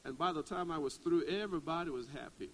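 A middle-aged male pastor preaching a sermon, dropping to a hush and then climbing to loud, rising exclamations. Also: on the high side, fast, slight background noise, poor audio.

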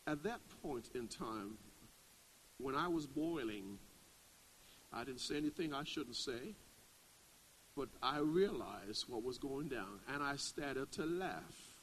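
A middle-aged male pastor preaching a sermon, dropping to a hush and then climbing to loud, rising exclamations. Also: medium pitch, animated, slow pace, pauses often, slight background noise, low-quality recording.

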